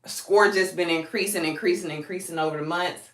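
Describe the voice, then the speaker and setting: A woman's voice: on the low side, steady tone, fairly quick, reverberant. A woman real estate agent with a Southern accent teaches a live-streamed lesson in a folksy way, quizzing her viewers and calling them y'all.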